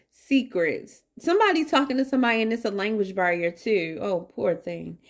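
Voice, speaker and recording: A woman's voice: medium pitch, animated, normal speed. A woman giving a casual tarot reading to her viewers, chatty and playful, calling them baby and y'all. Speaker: tarot reader.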